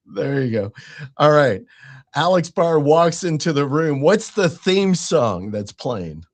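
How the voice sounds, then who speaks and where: A man's voice: on the high side, very animated, takes it slowly. A man hosting a casual interview, upbeat and asking playful questions. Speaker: host.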